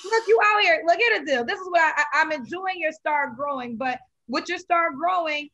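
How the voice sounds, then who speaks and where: A woman's voice: very high voice, lively intonation, moderate pace, bright, forceful tone. A woman co-hosting a morning radio show, playfully teasing the guest. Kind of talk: casual radio banter.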